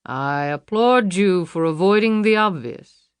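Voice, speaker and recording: A woman reading an audiobook, voicing a male kidnapper villain who talks slowly and pleasantly with mocking menace. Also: deep voice, lively intonation, fairly bright tone, no room sound. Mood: taunting. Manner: pleasant, slow, taunting menace.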